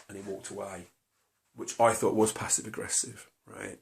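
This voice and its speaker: A man's voice: on the low side, fairly even intonation, a little slow, gravelly. A middle-aged man tells a personal story to camera, hesitant and confessional, full of fillers and restarts. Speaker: vlogger.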